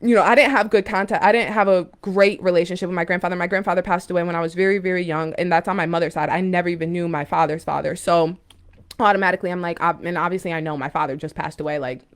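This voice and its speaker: A woman's voice: on the low side, fairly even intonation, quick pace. A young woman hosting a spiritual live stream, telling a personal story to viewers in a rambling, emphatic way with many fillers and restarts. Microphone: phone or webcam, live stream.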